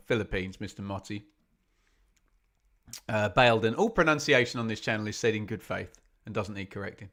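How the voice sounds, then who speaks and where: A man's voice: fairly low pitch, lively intonation, normal speed, a bit bright. Chatty man hosting a live football stream. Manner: chatty, self-deprecating, reads out chat messages. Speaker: football fan watch-along host. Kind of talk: live stream chat with viewers.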